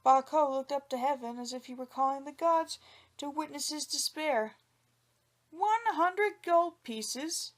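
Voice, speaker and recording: A woman narrating a folk tale in an expressive storybook reading. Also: high voice, normal speed.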